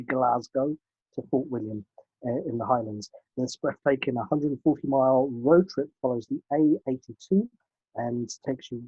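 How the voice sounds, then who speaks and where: A man's voice: mid-range voice, mellow, slightly rough, no room sound, lo-fi sound. A man co-hosting a casual car podcast, reading out listener emails with frequent hesitant fillers. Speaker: podcast co-host.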